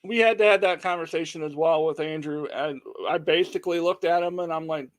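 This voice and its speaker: Easygoing male host, high-pitched, chatty, laughs readily. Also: brisk. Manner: easygoing, laughs often, relaxed parent talk. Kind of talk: casual chat.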